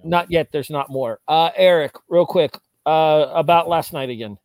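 A man's voice: a little high, moderate pace, darkish tone, dry recording. A man hosting a podcast in casual chat, wry and steering the talk along. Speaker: podcast host.

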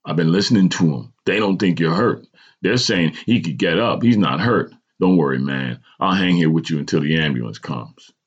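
A man's voice: sits low, moderate pace, slightly rough. A man voicing a kind, worried male meter reader who soothes an injured stranger with urgent street talk, in a storybook reading on a dull lo-fi recording. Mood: urgent, soothing.

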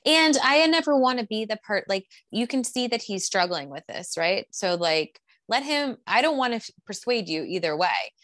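A woman's voice: mid-range voice, big pitch swings, normal speed, hardly any pauses, a bit bright, dry recording. A woman co-hosting a podcast, chatting frankly and casually with lots of fillers. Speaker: podcast co-host. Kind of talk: casual chat about reality TV.

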